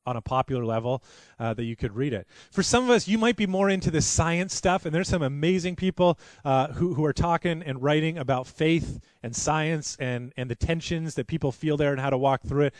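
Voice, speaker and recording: A man's voice: a little high, a little fast, dry recording. A man preaching a sermon as pastor, earnest and conversational, with frequent restarts.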